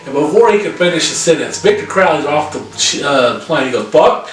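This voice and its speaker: A man casually recapping a horror film's plot, profane and animated, with lots of fillers. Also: a little high, a little fast. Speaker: podcast co-host reviewing a horror film. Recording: very echoey room, far from mic, music behind.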